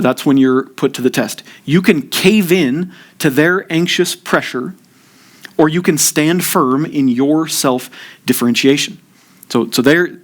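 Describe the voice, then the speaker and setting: A man preaching a sermon at a church service in an earnest way, his voice rising with emphasis when he acts out people's complaints. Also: on the high side. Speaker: pastor.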